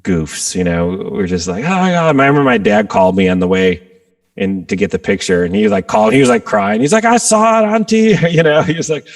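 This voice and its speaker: A man, a guest rock guitarist, telling stories in a casual interview and acting out quotes with sudden jumps in pitch. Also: brisk, vocal fry. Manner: animated storyteller, acts out quotes with jumps in pitch.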